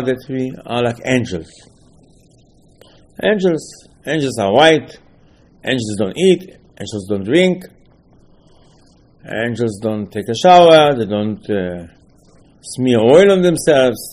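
A man's voice: medium pitch, lively intonation, unhurried, long pauses, a little mellow. A man gives an informal religious lesson as a rabbi. He talks emphatically, repeating key phrases and throwing out rhetorical questions. His English grammar is a little broken. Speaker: rabbi teaching a Torah class.

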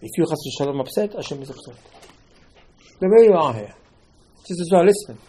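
Husky rabbi preaching with big swings. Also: male voice, on the high side, brisk, low-quality recording. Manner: animated, swings between loud emphasis and quiet asides. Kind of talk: sermon.

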